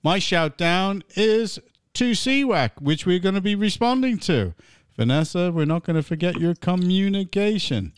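A man hosting a satirical pub-style podcast chat, bossy and teasing, quick to laugh. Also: high-pitched, animated, clear, resonant tone, no room sound, studio quality. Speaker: podcast host.

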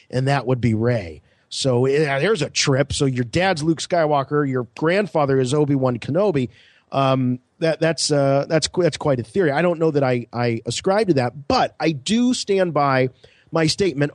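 A man co-hosting a podcast, mid-pitched and speaking thoughtfully. He rambles through ideas with frequent fillers, and his voice sounds dry and close to the mic. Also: darkish tone, no room sound. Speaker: podcast co-host. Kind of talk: casual podcast chat.

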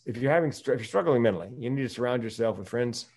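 A man's voice: medium pitch, expressive, racing, a little mellow, breathy edge. A man from the United States, a podcast guest, talking candidly in casual conversation and laughing often while telling stories.

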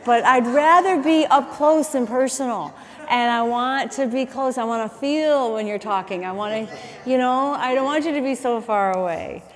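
A middle-aged woman preaching a sermon, chatty and animated, telling stories with asides and quick self-corrections. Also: a little high, long reverb tail. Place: church auditorium.

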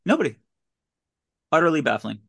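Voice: mid-range voice, sing-song, brisk, vocal fry, fairly bright tone, breathy edge. Podcast host, mid-range voice: sarcastic, baffled play-by-play of a bad movie. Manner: incredulous, sarcastic running commentary. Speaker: podcast host recapping a film. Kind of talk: casual comedic movie recap.

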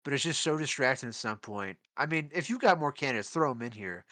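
Bright, forceful man ranting sardonically. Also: medium pitch, animated, fast talker, dry recording. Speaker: podcast co-host. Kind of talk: casual podcast chat.

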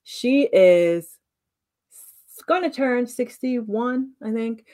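Her voice is on the high side and her delivery very slow. She's a podcast co-host in her late thirties, an animated storyteller in relaxed chat who gives each quoted person their own acted-out voice.

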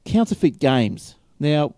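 Chatty tech podcast host, a man with a slightly high, warm voice who rambles. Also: very animated, slow, no room sound, studio quality. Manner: rambling, chatty, laughs often. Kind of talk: casual tech chat.

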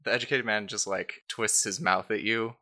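A man's voice: on the low side, fairly even intonation, moderate pace, sharp tone. A man narrating as game master of a tabletop game, describing scenes with frequent "uh" and "like".

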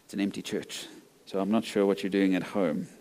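A man's voice: sits low, steady tone, fairly quick, darkish tone. A male pastor preaching a sermon in an empty church, conversational and laced with jokes and anecdotes.

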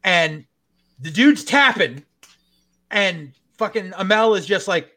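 A man's voice: high voice, slow, pauses often. A man co-hosting a podcast, recapping a show in casual chat, swearing a lot and acting out what characters said. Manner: animated, swears constantly, acts out quotes. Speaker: podcast co-host.

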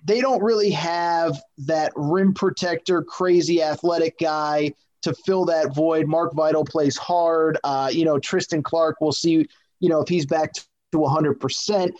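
A man with a notably high voice chats about sports on a podcast, rambling and emphatic and full of fillers. The audio sounds dull and lo-fi. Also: fairly even intonation, unhurried, a little mellow. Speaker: sports media podcast co-host. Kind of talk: casual sports talk.

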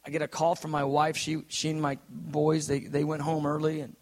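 A man's voice: on the high side, monotone, moderate pace. Intense, earnest man preaching. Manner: intense, earnest, quotes others in put-on voices. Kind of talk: sermon with prayer and personal story.

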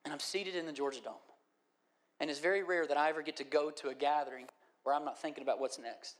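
A man preaches to his church. He tells stories softly, then rises into impassioned, near-shouted pleading. He sounds like a pastor in his thirties. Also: on the high side, steady tone, fast. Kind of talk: sermon.

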